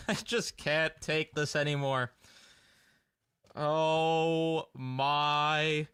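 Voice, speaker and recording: A man's voice: fairly high pitch, sharp tone, smooth. A young man ranting in a casual fan reaction video, exasperated and laughing in disbelief.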